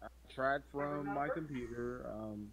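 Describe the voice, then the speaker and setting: A man's voice: mid-range voice, a little slow. A man in a gaming voice chat, mumbling and dismissive, heard through a muffled microphone. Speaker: clan member in voice chat. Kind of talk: casual voice chat. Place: online voice chat. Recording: muffled lo-fi mic with background noise.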